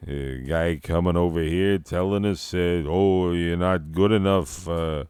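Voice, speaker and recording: A man voicing a put-upon, grumbling ancient Greek man, in a low, halting mutter. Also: steady tone, a little mellow, smooth, no room sound, studio quality.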